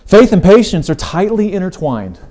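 A man's voice: sits high, sing-song, normal speed, warm tone. A middle-aged man hosting a faith podcast, delivering an earnest, emphatic sermon-style talk. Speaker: podcast host.

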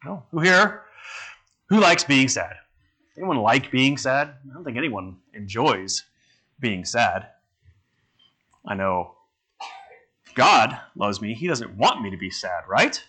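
A man's voice: medium pitch, animated, slow, pauses often, bright, forceful tone, slightly rough. A man preaching a sermon in a conversational way, asking his listeners questions. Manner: conversational, asks the congregation questions.

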